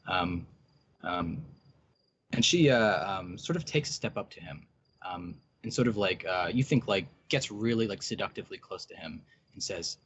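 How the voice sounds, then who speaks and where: A man's voice: low voice, animated, moderate pace, fairly bright tone, slight background noise. A man narrating as game master, with many hesitant ums and uhs. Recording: dull lo-fi recording.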